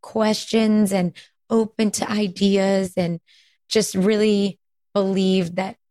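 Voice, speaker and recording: A woman co-hosting a podcast in casual chat, her voice hoarse, raspy and squeaky from a cold, chatty and quick to laugh. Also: little pitch movement, mellow, dry recording. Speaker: podcast co-host.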